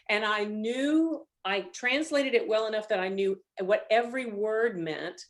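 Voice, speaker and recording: A woman's voice: mid-range voice, a little slow, few pauses. A middle-aged woman coaching a student singer in a masterclass, encouraging and demonstrating phrases aloud over a video call. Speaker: voice teacher leading a masterclass.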